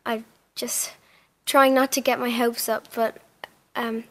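A woman's voice: a little high, level tone, takes it slowly, a bit bright. A young woman, an actress guest, giving short, shy answers.

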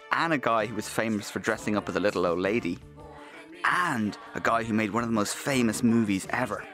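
A man hosting a children's show, joking playfully and reading rhymes aloud. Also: lowish voice. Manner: jokey, animated, reads rhymes aloud. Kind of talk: playful scripted presenting.

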